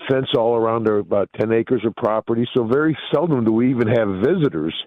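A man, telling a story as a guest in a phone interview, excitable and booming. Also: fast talker, dry recording. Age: 60s. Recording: tinny phone line.

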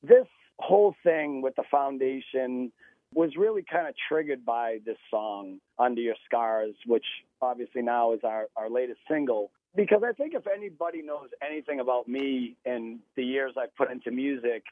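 A man's voice: mid-range voice, normal speed, dry recording. Chatty man on a tinny phone line. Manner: chatty, animated storyteller. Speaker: guest musician. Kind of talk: phone interview. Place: radio phone-in.

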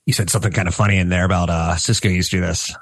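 A middle-aged man with a very low, gravelly voice co-hosts a money show. His tone is husky and the sound is close and dry. He talks in a chatty, amused way and keeps asking follow-up questions. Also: steady tone, very fast, dry recording. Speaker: co-host of a finance radio show. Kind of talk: casual radio chat.

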